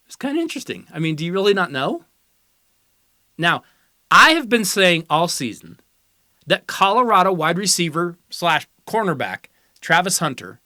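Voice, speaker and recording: Sarcastic football pundit, lively bright delivery, dry close sound. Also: mid-range voice, dry recording. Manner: sarcastic, teasing, lecturing tone. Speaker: sports commentary host. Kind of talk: opinionated college football commentary.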